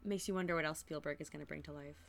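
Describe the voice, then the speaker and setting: A woman's voice: low-pitched, steady tone, very fast, vocal fry. A young woman co-hosting a podcast in casual chat, with a dry, teasing wit. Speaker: podcast co-host.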